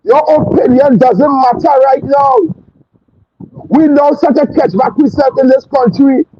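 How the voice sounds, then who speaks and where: Fiery high-voiced Trinidadian man ranting. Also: fairly even intonation, unhurried. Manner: fiery, scornful and repetitive. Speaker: talk show host. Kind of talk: political commentary rant. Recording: dull lo-fi stream audio with faint hiss.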